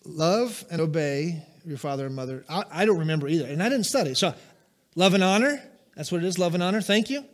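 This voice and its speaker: A man's voice: a little high, lively intonation, quick pace. A middle-aged man preaching a sermon, emphatic and asking the congregation questions. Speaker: pastor.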